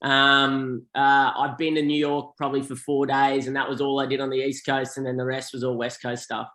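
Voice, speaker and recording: A man's voice: mid-range voice, completely flat delivery, normal speed, sharp tone, echoey room. A man from Australia with an Australian accent, a podcast guest in casual, laid-back chat who says mate a lot.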